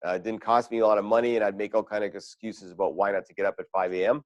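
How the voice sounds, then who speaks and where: A man's voice: lowish voice, steady tone, very fast, dry recording, dull audio. A man giving a motivational talk on goal setting as a sales coach, conversational and full of personal stories. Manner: conversational, storytelling with quoted asides.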